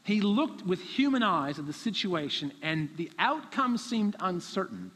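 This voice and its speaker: A man's voice: high-pitched, big pitch swings, a little slow, fairly bright tone, in a large hall. A man preaching a sermon, telling a story animatedly and acting out the characters.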